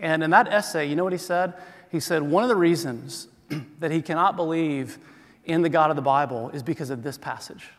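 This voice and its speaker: A man's voice: fairly high pitch, fairly quick. A middle-aged man preaching a sermon as pastor, in a conversational way with self-deprecating humor, in a church sanctuary. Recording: long hall reverb.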